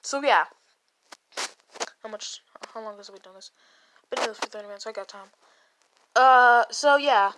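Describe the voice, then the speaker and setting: A woman's voice: a little high, moderate pace, long pauses, fairly bright tone, a little hiss or hum. A woman casually retelling a made-up fan story, rambling and swearing, with many restarts. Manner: rambling and profane, full of restarts and "like".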